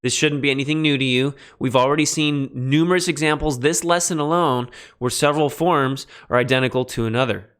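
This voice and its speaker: A man teaching a beginning Greek lesson on a livestream, relaxed and self-deprecating, spelling words out letter by letter. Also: medium pitch, fairly quick, hardly any pauses, clear, resonant tone. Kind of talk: livestreamed lecture.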